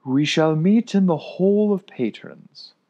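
A man voicing a guarded young fraternity leader who speaks slowly and through his teeth in a storybook reading. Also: on the high side, lively intonation, warm tone, muffled recording, voice pushed up. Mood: formal.

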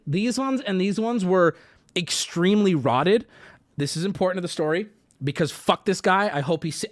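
A man tells a rambling story in a casual, profane way, voicing the other person as well as himself. His voice sits on the high side, and his pitch leaps up and down with animated energy. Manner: animated, profane, acts out both sides of the exchange. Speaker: streamer telling a story.

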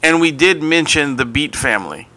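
A man co-hosting a casual podcast, rambling and relaxed, swearing casually. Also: on the high side, moderate pace. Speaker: podcast co-host. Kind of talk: casual chat.

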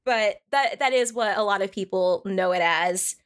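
A woman's voice: medium pitch, normal speed. A woman co-hosting a podcast, casually recapping a story in a chatty manner full of swearing and "like". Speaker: podcast co-host.

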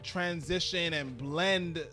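A man's voice: fairly high pitch, takes it slowly, sharp tone, faint music behind. A man hosting a hip-hop interview podcast, laid-back and chatty. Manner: laid-back, lots of backchannel. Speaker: host.

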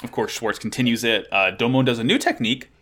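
A man co-hosting a casual podcast, recapping episodes with animated retellings and casual swearing, then reading a short episode summary. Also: medium pitch, fast talker. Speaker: podcast co-host.

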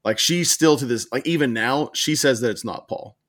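A man co-hosting a podcast, telling an animated, rambling story in casual chat. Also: mid-range voice, moderate pace. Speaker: podcast co-host.

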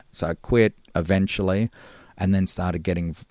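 A man's voice: low-pitched, steady tone, normal speed, a little mellow, no room sound. A middle-aged man, a former band singer, telling rambling stories in a casual interview and acting out old conversations. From Australia. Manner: rambling, acts out past dialogue.

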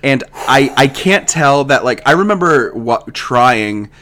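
A man's voice: mid-range voice, animated, fairly bright tone, a little hiss or hum. A man in his thirties chatting casually about old comedy films, often stumbling and repeating words as he starts sentences. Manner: halting, repeats words and restarts. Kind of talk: casual chat about movies.

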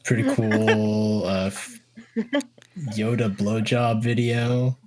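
A man's voice: fairly low pitch, little pitch movement, slow pace, heavy background noise. A man playing an awkward, stammering internet recluse who mumbles and hesitates.

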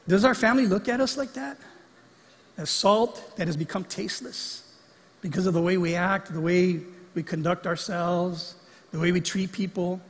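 Husky-voiced man preaching in an echoing hall. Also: high-pitched, moderate pace. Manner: conversational preaching that acts out quotes. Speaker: pastor. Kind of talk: sermon. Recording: long reverb of a large hall.

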